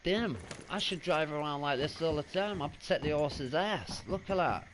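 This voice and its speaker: A man's voice: on the high side, normal speed. A young man chatting casually and rambling while live-streaming a video game, laughing and swearing freely. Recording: noisy gameplay audio behind.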